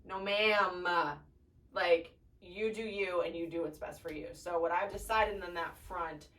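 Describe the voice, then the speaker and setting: A young woman talks openly in a casual podcast chat, candid and profane, her voice pitched somewhat low. She sits a little back from the microphone, so the sound is slightly distant. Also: steady tone, measured pace, fairly bright tone. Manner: emotional, candid, swearing, tearful at times. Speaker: podcast host.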